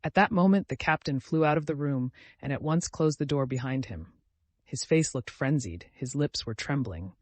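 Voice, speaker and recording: A man's voice: mid-range voice, animated, normal speed, no echo. Man narrating a classic novel. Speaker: audiobook narrator. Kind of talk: scripted narration.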